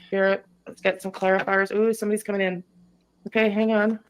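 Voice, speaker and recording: A woman reading tarot cards live for her viewers. She talks in a hesitant, halting way, stopping and restarting often, with a flat, level tone and a middle-pitched voice. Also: clear, resonant tone, low-quality recording. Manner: hesitant, halting, self-interrupting. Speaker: tarot reader and channel host. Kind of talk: live-stream tarot reading, casual chat.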